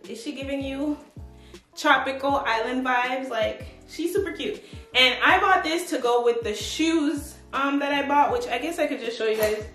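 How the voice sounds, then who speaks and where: A fashion vlogger with a high, fairly bright voice chats at a moderate pace through a casual try-on haul, upbeat and full of "like" and "but yeah," occasionally out of breath. Her tripod camera picks up an echoey home room and faint music behind her.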